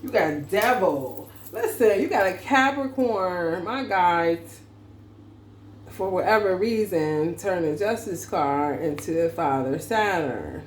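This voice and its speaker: A woman tarot vlogger, an adult parent, speaks slowly and casually, full of slang, laughter, and profanity. Her voice is fairly low and expressive. The reading is a monologue recorded in an echoey room with faint background noise.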